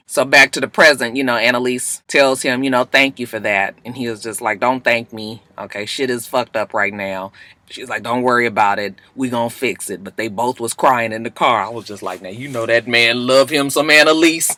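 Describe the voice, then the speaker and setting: Bright-voiced woman doing a profane TV recap. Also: very deep voice, animated, normal speed, dry recording. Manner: profane, chatty, acts out quoted lines. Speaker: vlogger recapping TV episodes. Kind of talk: casual TV recap.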